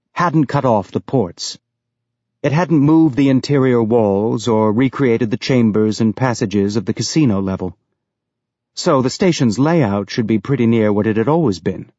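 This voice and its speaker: A man reading audiobook narration in a steady, even way, on a dry, dull lo-fi recording. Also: medium pitch, no room sound.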